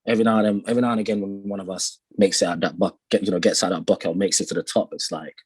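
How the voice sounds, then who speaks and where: A man's voice: low voice, steady tone, racing, darkish tone, breathy edge, dry recording. A young man from North London with a London accent, chatting easily as a podcast guest, full of fillers and restarts. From North London, England. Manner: laid-back, lots of fillers and repeated starts, laughs often. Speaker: podcast guest, songwriter and producer. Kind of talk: casual conversation.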